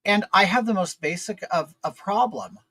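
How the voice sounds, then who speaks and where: A man's voice: high-pitched, moderate pace, fairly bright tone, dry recording, rough recording. Exasperated man rambling through a story. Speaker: vlog host. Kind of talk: casual chat.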